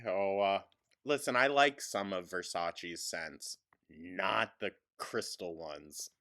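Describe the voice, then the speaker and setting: A man's voice: low voice, slow pace, pushed and bright. A man hosting a mocking reaction commentary, sarcastic and snarky, often breaking into laughter. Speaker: commentary host.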